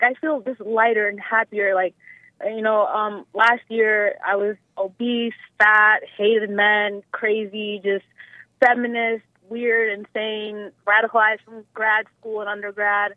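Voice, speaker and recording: A woman's voice: medium pitch, little pitch movement, measured pace, no echo. A young adult woman calling a radio show, emotional and close to tears, rambling with many fillers. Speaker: caller. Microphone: telephone. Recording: tinny phone line.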